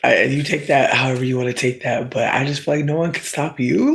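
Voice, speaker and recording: A streamer casually telling a story to viewers, profane and animated, breaking into loud shouts and asides to the audience. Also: medium pitch, fairly quick, hardly any pauses, slight background noise.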